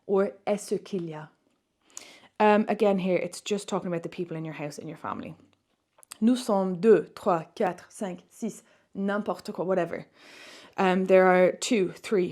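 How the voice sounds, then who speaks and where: A woman's voice: medium pitch, darkish tone. A young woman teaching a French exam-prep lesson online, explaining in English and reading French questions aloud.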